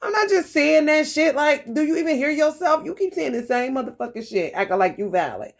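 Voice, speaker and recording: Profane, animated woman tarot reader. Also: high voice, fairly quick, vocal fry. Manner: animated, profane, frequent laughter, talks to viewers directly. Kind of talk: casual profane tarot reading monologue.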